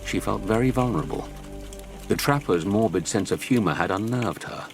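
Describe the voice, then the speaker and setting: A man reading an audiobook as narrator, telling the story in a measured way. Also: lowish voice, expressive, soft background music. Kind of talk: scripted narration.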